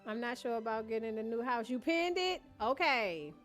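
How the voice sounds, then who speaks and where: A woman's voice: fairly high pitch, animated, normal speed, soft background music. A woman live-streaming a cozy decorating game, chatting casually with her chat, greeting and thanking viewers by name, teasing them playfully and laughing often.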